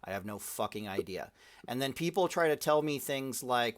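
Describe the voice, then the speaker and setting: A man hosting a laid-back gaming podcast, talking at a middle pitch in loose, rambling chat. He swears often and trips over his own sentences. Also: animated, normal speed. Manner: profane, rambling, lots of restarts. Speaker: podcast host.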